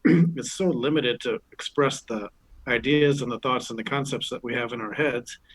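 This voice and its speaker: Man, mid-pitched, measured, podcast co-host, dry sound. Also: fairly bright tone, no room sound, poor audio. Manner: measured, steers the talk back to the theme. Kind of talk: casual group discussion.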